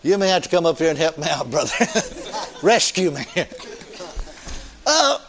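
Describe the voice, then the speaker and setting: An older man preaching a sermon in a folksy, animated way, often laughing with his congregation. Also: on the high side, a little slow, pauses often, crowd noise.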